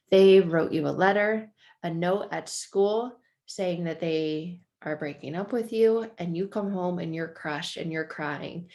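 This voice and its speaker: A woman presenting a casual spoken explanation, animated, often repeating words and addressing the listener directly. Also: medium pitch.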